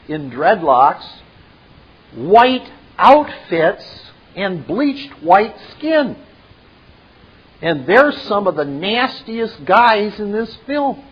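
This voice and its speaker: A man giving a measured, explanatory commentary in a film analysis talk. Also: sits high, dull audio.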